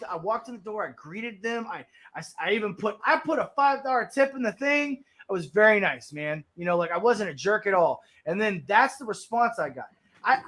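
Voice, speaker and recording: A man hosts a blunt talk stream, and his voice sits high and sounds bright and sharp. He tells his stories with animated, profane energy and trips over repeated words when he gets heated. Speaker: stream host. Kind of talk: blunt casual storytelling.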